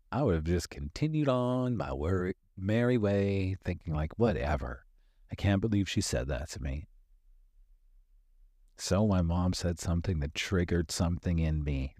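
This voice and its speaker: The host of this motivational podcast, a man in his fifties who works as a life coach, has a low-pitched, warm voice. He speaks candidly and emphatically, casually cursing and repeating phrases for emphasis, with clean studio sound and no room sound.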